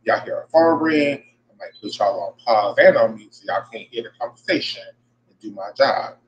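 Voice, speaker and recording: A man's voice: medium pitch, lively intonation, normal speed, lo-fi sound. A man hosting a casual podcast from his workplace, venting in an exasperated, profane way and repeating himself. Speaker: podcast host. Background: faint buzzing ambience.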